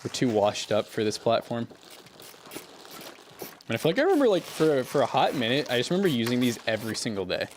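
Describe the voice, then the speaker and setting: Young male streamer, relaxed rambling chat, faint noise behind. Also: medium pitch, brisk, long pauses. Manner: relaxed, rambling, answers chat while working. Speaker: PC builder livestream host. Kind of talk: casual livestream chat.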